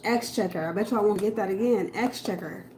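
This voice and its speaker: A woman in a casual reaction video, slowly repeating a hard word and laughing at herself. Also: medium pitch, a little mellow, poor audio. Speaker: tarot reader and video creator.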